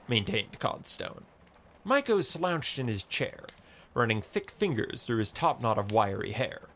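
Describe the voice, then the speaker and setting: Slow, gravelly storytelling man. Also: medium pitch. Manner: slow, expressive reading. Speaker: narrator. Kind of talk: storybook narration.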